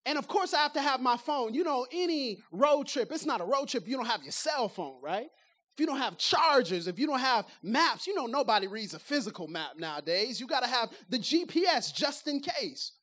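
High-voiced woman preaching a lively sermon. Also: a little fast. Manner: lively, conversational, rhetorical questions to the audience; acts out everyday speech to make points.

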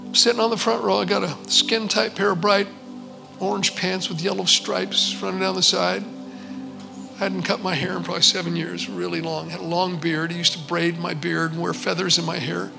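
A high, very gravelly male voice tells a personal testimony as a sermon. He speaks earnestly and conversationally, acting out bits of dialogue. Clear music plays behind him. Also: flat delivery, normal speed, poor audio. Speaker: preacher.

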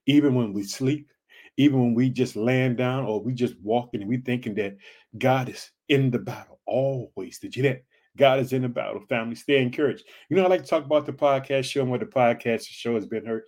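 Fervent preaching man, plain middle pitch. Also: brisk, a little mellow. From Illinois, United States. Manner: repetitive, fervent, calls listeners family. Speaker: podcast host and preacher. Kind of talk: encouraging podcast sermon.

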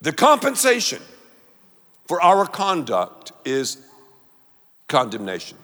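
A man preaching a sermon, leading the congregation to repeat lines back to him in an animated way. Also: fairly high pitch, takes it slowly, big-room sound. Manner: animated, call-and-response with congregation. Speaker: pastor.

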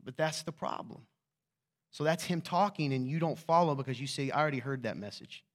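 A male pastor gives a sermon to his congregation in a church. He speaks in a casual, conversational way and teases the people in the pews. His voice sits at an ordinary pitch and swings from hushed asides to loud, excited bursts. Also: brisk. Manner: rhetorical questions, swings from quiet to loud.

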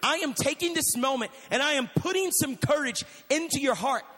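A preacher voicing a fervent, earnest teacher. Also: male voice, extremely high pitch, lively intonation, moderate pace, bright, forceful tone, voice pushed up, full character voice. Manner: fervent, pleading. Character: earnest adult male teacher encouraging a follower. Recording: reverberant hall with faint music.

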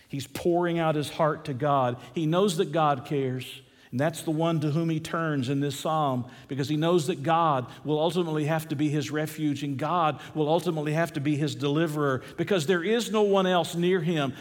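A man preaching a sermon, earnest, repeating key phrases and slowing down on the verses he quotes. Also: on the high side, long reverb tail. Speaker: pastor.

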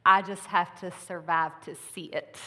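A woman's voice: lowish voice, fairly even intonation, normal speed, bright, forceful tone. A woman, giving a casual, chatty Mother's Day sermon with laughing asides. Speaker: pastor's wife giving a Mother's Day message. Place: church sanctuary. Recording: long church-hall reverb.

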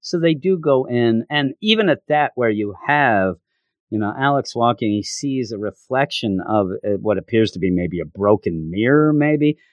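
A man talks through a comic book issue in a loose, rambling recap. His pitch moves a lot as he goes, and the sound is dry and close. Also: moderate pace, no room sound, muffled recording. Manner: rambling, animated. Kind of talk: casual recap.

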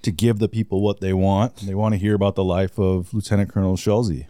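A man's voice: low-pitched, flat delivery, a little fast, warm tone, no room sound. A man hosting a podcast in an easygoing, teasing way. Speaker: podcast host. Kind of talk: casual podcast interview.

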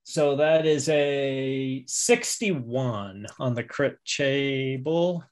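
Player, male, mid-pitched, chatty, thinks out loud, tabletop game. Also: very slow. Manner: chatty, thinks aloud with fillers.

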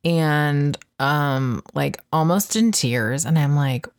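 A woman co-hosting a podcast, telling a story in casual chat, animated and laughing, acting out the voices she quotes. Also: deep voice, takes it slowly. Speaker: podcast co-host.

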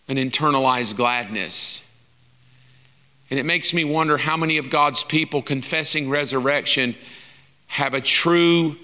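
A man's voice: a little high, sharp tone, big-room sound. A man preaching a sermon as a pastor, impassioned and conversational, firing off rhetorical questions and poking fun at himself.

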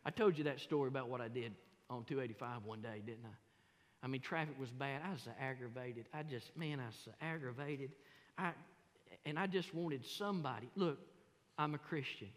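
A middle-aged man, preaching a sermon as pastor in a folksy, animated, self-mocking storytelling way. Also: medium pitch, normal speed. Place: large church sanctuary. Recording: long hall reverb in a church.

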